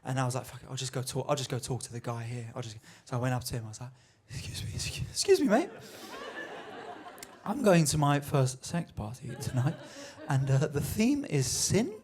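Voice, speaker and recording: A man's voice: medium pitch, expressive, a little fast, a little mellow. A man doing a stand-up comedy set, talking conversationally and acting out the voices he quotes. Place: comedy venue with live audience.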